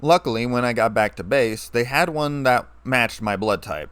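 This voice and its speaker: A man reading a story aloud, playing a scarred, weary ex-soldier who speaks in a low, flat, calm way. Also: moderate pace, clean tone, no room sound, close to an everyday voice.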